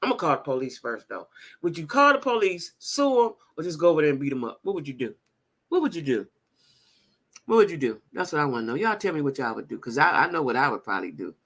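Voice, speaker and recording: A woman's voice: low-pitched, sing-song, fast, a bit bright. A woman hosting a casual gossip livestream. She talks straight to her viewers, reads chat names aloud, laughs often, and repeats lines for emphasis. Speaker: gossip show host.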